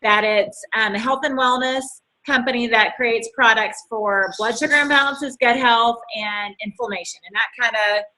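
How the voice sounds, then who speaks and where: A woman's voice: a little high, normal speed, hardly any pauses, pushed and bright, low-quality recording. A woman with a Southern US accent co-hosting a casual chat, talking enthusiastically and agreeing readily. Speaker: network marketing co-host. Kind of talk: casual sales coaching chat.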